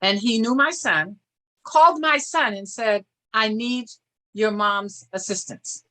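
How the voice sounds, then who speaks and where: An older woman answering interview questions in an earnest, measured way, often restarting her sentences. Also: a little high, pushed and bright. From Boston area. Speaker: interview guest, former state senator. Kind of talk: reflective interview talk.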